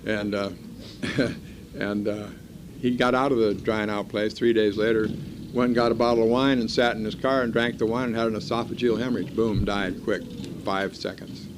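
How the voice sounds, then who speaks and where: A man's voice: fairly low pitch, fairly even intonation, normal speed, background noise. An older man from Iowa telling his own story to a meeting in a blunt, wry, self-mocking way. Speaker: speaker at a recovery meeting. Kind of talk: personal storytelling talk.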